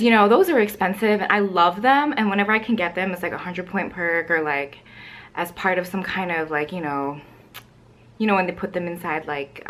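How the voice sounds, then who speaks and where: A woman's voice: fairly low pitch, a bit bright. A young woman chatting casually to camera at home about makeup, rambling with lots of fillers and a little out of breath. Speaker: beauty vlogger.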